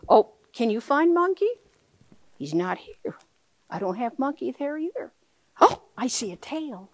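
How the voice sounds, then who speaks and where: A woman's voice: high-pitched, animated, a little slow, dry recording. A woman reading a picture book aloud to children, playful and full of questions for her listeners.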